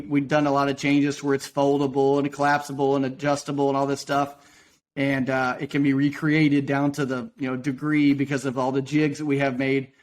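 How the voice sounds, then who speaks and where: A man guesting on a podcast, telling a rambling folksy story about his work in casual talk. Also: fairly high pitch. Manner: folksy, rambling, quick to act out quotes. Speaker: podcast guest, roofing business owner.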